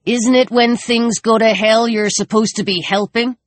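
Hostile scavenger man, sneering and curt, woman narrator puts him on, sharp and raised. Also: high-pitched, fairly even intonation, moderate pace, no room sound, pitched above the performer's own voice, close to an everyday voice. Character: gruff male scavenger, menacing and hostile.

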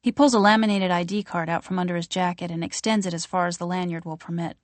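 Woman, audiobook narrator, even descriptive delivery, slightly low voice, dry close mic. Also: quick pace, no echo. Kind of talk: scripted narration.

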